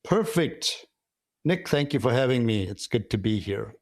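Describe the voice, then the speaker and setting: Middle-aged south african guy talking business in an interview, slow and thoughtful with lots of uhs, mid pitch, dry close sound. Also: animated, no echo. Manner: measured and reflective, with frequent "uh" pauses. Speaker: guest, company founder and CEO. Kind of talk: conversational interview answers.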